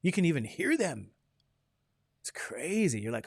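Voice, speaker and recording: A man's voice: medium pitch, expressive, normal speed, vocal fry, husky, dry recording, clean studio sound. A man teaching a classroom lecture, chatty and digressive, asking the class questions as he goes.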